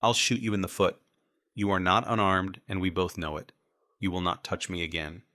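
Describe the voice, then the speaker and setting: A wary armed agent, curt and firm, played by a man in his own voice for an audiobook. The tone is deep and forceful, close to the mic with no room sound. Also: normal speed, no room sound. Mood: threatening. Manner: curt, pressing.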